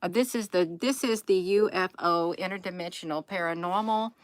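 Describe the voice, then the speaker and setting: A woman's voice: on the low side, moderate pace, no echo, rough recording. A tired woman hosting a late-night livestream, folksy, repeating her phrases and calling viewers "you all". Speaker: channel host.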